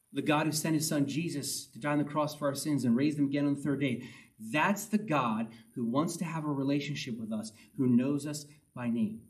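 A man's voice: medium pitch, far from the mic, low-quality recording. A man preaching a sermon in a conversational way, reading scripture aloud and repeating his key points for emphasis. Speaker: pastor.

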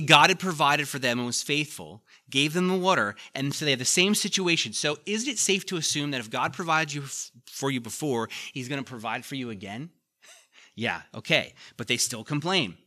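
A man's voice: a little high, lively intonation, normal speed, bright, forceful tone. A male pastor preaching a conversational sermon, reading scripture aloud with emphasis and putting questions to the congregation.

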